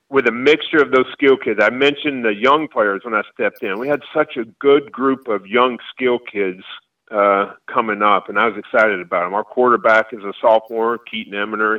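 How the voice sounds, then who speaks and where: A man in his forties, a high school football coach from Florida, answering interview questions in a rambling way with halting restarts. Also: steady tone, bright, forceful tone, recorded from a distance, muffled recording.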